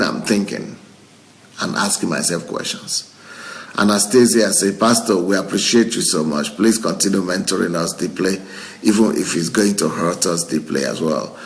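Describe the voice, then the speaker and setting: A middle-aged male pastor, reading viewer comments aloud on a livestream, laughing often and breaking into excited exclamations. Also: sits low, normal speed, creaky. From Nigeria.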